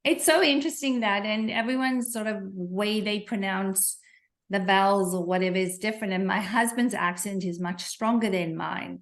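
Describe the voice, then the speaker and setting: A middle-aged woman with a South African accent softened by years in Canada, speaking as an author guest in a measured, articulate way. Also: medium pitch. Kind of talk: interview conversation. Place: remote call from home.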